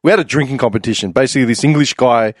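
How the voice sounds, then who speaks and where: A young Australian man telling a casual story on a podcast, laughing often and loudly acting out the voices of people he quotes. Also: medium pitch, racing, no echo, studio quality. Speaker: podcast panelist.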